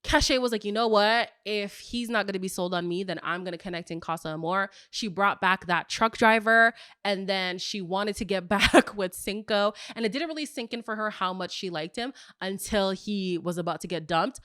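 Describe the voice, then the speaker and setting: A woman hosts a gossipy recap show, telling the story in a lively, animated way and dropping now and then into hushed asides. Her voice sits at a middle pitch. The recording is dry and close, with no room sound. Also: normal speed, few pauses, smooth, dry recording. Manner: animated storyteller, acts out quotes with big pitch jumps. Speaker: host of a reality TV recap show. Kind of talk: casual gossipy recap chat.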